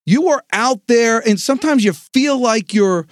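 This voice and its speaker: A man hosting a sales podcast, delivering an energetic motivational pep talk with dramatic pauses. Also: very high voice, dry recording, clean studio sound. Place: home studio.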